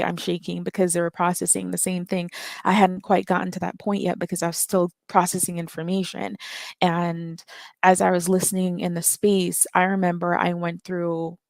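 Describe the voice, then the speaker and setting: A woman's voice: on the low side, flat delivery, moderate pace, creaky, dry recording. Earnest, emotional woman caller, dry sound. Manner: earnest and emotional, repeats words when stirred. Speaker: caller in a live audio chat. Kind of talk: impassioned call-in talk.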